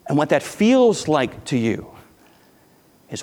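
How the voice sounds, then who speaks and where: A man preaching a sermon as pastor, earnest and emphatic, repeating phrases and dropping his voice very low at key points. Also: sing-song, slow pace, a little mellow. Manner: earnest, emphatic preaching with repetitions and dramatic drops to near-whisper. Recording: hall reverb.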